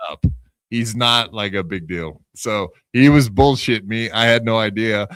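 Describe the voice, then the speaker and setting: A male podcaster who tells his side of a story with a sarcastic, couldn't-care-less attitude and a lot of swearing. His voice is bright and forceful, and it sits close and dry on the mic. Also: fairly low pitch, normal speed, no echo. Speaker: podcast co-host. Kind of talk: casual podcast chat.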